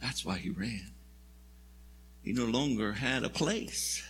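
A man's voice: mid-range voice, animated, takes it slowly, a bit bright, long reverb tail, slight background noise. A male pastor preaching a sermon, telling the story in a conversational, wry way with jokes.

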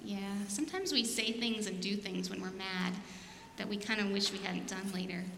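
A woman pastor with a gravelly, mid-range voice speaks at a moderate pace, giving a sermon and children's message in a church sanctuary. She asks questions and leads a repeat-after-me prayer. The recording has background noise and the long reverb of an echoey hall.

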